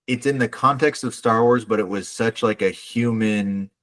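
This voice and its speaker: A man co-hosting a podcast in casual chat, animated, acting out characters' lines. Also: fairly low pitch, normal speed. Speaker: podcast co-host.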